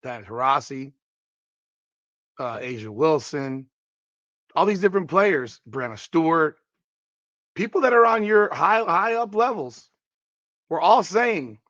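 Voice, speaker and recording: A man's voice: a little high, expressive, measured pace, long pauses, fairly bright tone, no echo, lo-fi sound. A man hosting a podcast, giving emphatic sports commentary on a clip and repeating his points for weight. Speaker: podcast host.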